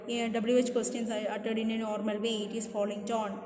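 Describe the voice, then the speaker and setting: A woman's voice: a little high, flat delivery, a little fast, a little mellow. A woman teaching a lesson, explaining points plainly and repeating them, sometimes acting out example sentences. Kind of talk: classroom lecture. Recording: echoey room, long reverb.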